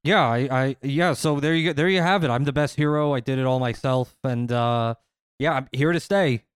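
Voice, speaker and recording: A man's voice: mid-range voice, moderate pace, smooth, dry recording, studio quality, lightly acted. A man playing a stammering braggart superhero. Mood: bumbling. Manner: hesitant, stammering, repeats himself. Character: bumbling, boastful male small-town superhero.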